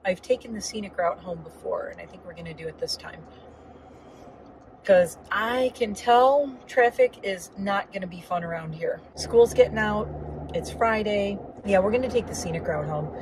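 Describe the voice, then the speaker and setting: A woman's voice: mid-range voice, moderate pace, a little mellow, a little hiss or hum, low-quality recording. A woman chatting casually while driving, rambling with lots of asides and a slightly sore throat. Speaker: vlogger. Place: inside a car on the road.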